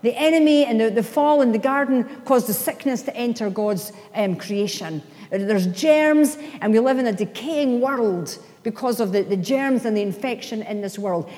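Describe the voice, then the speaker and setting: A high-voiced woman delivers a sermon from the pulpit, pressing her points with impassioned emphasis. Her words ring out with the long reverb of a large church hall. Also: dark tone. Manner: impassioned, rising to emphatic declarations. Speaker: pastor.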